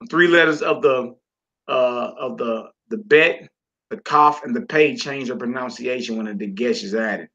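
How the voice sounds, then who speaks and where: Gravelly man teaching a Hebrew lesson. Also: mid-range voice, measured pace, pushed and bright, dull audio. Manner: casual, folksy asides to listeners. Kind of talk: reading and explaining a textbook to a class.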